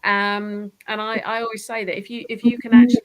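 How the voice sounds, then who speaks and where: A woman's voice: a little high, fairly quick, low-quality recording. A woman from southern England, a historian guest, chatting enthusiastically on a talk show. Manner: enthusiastic, animated storytelling. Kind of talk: casual interview chat.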